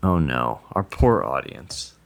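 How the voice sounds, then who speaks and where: Young male podcast co-host, relaxed and sheepish, lively pitch. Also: slow pace, vocal fry. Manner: laid-back, sheepish, breaks into singing. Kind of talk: casual banter.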